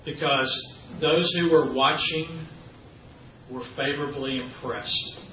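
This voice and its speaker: A man's voice: medium pitch, fairly even intonation, takes it slowly, slight background noise. Man preaching in a roomy church. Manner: conversational teaching with folksy asides. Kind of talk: sermon. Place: church sanctuary. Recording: roomy, distant, dull church recording.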